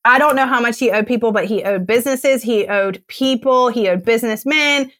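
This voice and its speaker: A woman's voice: on the high side, fairly quick, fairly bright tone, dry recording. Chatty woman with a very dry voice. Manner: emotional, heavy use of "like", acts out her own past thoughts. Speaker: guest telling her own story. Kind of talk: casual podcast storytelling.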